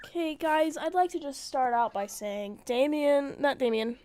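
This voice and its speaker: A woman's voice: sits high, animated, normal speed, a little mellow. A woman streamer telling a story in casual chat, rambling and profane, full of "like" fillers.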